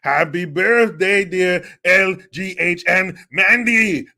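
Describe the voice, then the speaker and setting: A man impersonating a boisterous male action star with an Austrian accent, singing slowly and loudly. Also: high-pitched, gravelly, voice pushed up, heavily acted. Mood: hearty. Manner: slow, loud, drawn-out singing.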